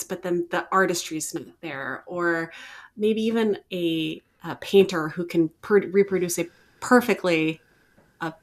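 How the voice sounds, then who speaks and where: A woman in her thirties, a mother and podcast co-host, talking earnestly and reflectively with some halting restarts. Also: on the low side. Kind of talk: casual chat.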